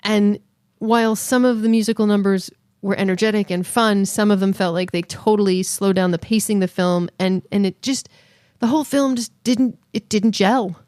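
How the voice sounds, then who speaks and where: A woman's voice: medium pitch, steady tone, moderate pace, darkish tone, dry recording, studio quality. A woman co-hosting a podcast, chatting casually and acting out little quoted voices as she tells stories. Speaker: podcast co-host. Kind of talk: casual chat.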